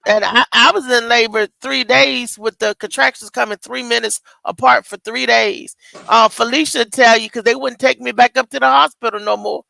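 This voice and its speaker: A woman in her thirties who tells stories in an animated way as a talk show host. Her voice is high, bright and gravelly, with plenty of fry. She sits close in a dry, dead room. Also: moderate pace, dry recording, low-quality recording. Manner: animated storyteller, acts out quoted voices loudly. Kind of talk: casual chat.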